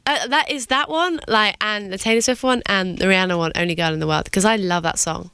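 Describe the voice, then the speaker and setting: A woman's voice: mid-range voice, fairly quick, bright, forceful tone, clear, resonant tone, no room sound. Chatty English woman on radio. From England. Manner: chatty, giggly, rambling. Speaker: singer, guest. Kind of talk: casual radio interview. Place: radio studio.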